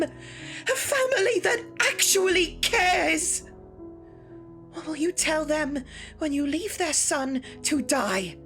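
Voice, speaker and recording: A reader voicing a formal, polite young female knight with fangs who turns hissing and furious, in a visual novel reading with soft music under it. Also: high voice, pitched above the performer's own voice, heavily acted. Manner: formal, stiff speech, erupting into hissing fury.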